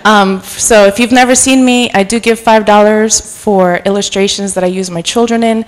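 A woman's voice: medium pitch, steady tone, moderate pace, a little hiss or hum. Chatty woman preacher in an echoing church. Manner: chatty and self-deprecating, softening to earnest encouragement. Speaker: guest preacher. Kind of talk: informal sermon. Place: church sanctuary. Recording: long reverb of a church hall.

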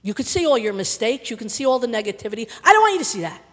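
An older woman preaching a sermon with passion, repeating words for emphasis and swinging from loud to hushed. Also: fairly high pitch, very animated, racing. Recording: long reverb of a large hall.

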